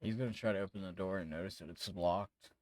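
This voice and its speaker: Man narrating a tabletop game, casual, lowish voice, dry close sound. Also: fairly even intonation, quick pace, darkish tone, dry recording, low-quality recording. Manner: casual, laughs often, swears. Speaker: game master.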